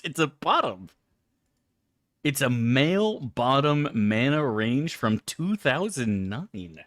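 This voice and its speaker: A man's mid-range, slightly bright voice has a sing-song quality and a slow pace, captured in clean studio sound without echo. He's live-streaming a game, chatting casually with viewers, cursing openly and complaining in an exaggerated, friendly fashion.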